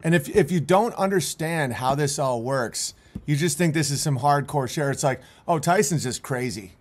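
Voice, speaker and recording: A man's voice: a little high, normal speed. A man commentating on video clips in a rambling, intense way, with many restarts.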